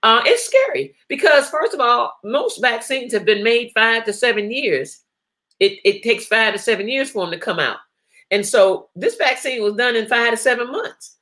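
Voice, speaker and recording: A woman's voice: on the high side, lively intonation, moderate pace, sharp tone. A woman hosting a live online talk show, chatting casually, reading viewer comments and laughing often.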